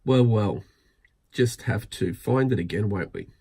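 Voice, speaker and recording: A man's voice: lowish voice, animated, a little slow, warm tone, breathy edge, heavily acted. A man voicing a cheerful, friendly storybook character while reading aloud. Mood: cheery.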